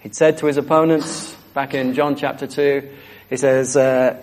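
A man delivers a sermon in an earnest, emphatic way. He drives his points home by repeating short phrases. His voice sits in an ordinary middle pitch. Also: level tone, a little slow, darkish tone. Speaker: preacher.

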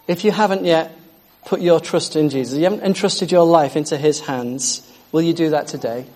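A man's voice: a little high, warm tone. A man preaching a sermon with exuberant energy, repeating phrases for emphasis and calling out in joy.

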